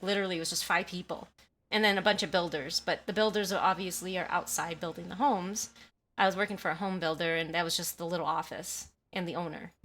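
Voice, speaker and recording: Sitting at home by a window, a woman livestreams a casual story, breaking off to read out and respond to chat messages and frequently saying sorry. Her voice is medium-pitched with a sharp tone, over slight background noise.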